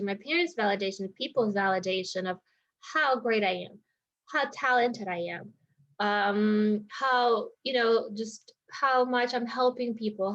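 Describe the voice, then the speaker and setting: A woman's voice: medium pitch, a bit bright. A woman healer talking through a personal experience in a reflective vlog, circling her thoughts with many "like" and "you know" asides. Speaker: energy healer. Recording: dull lo-fi sound.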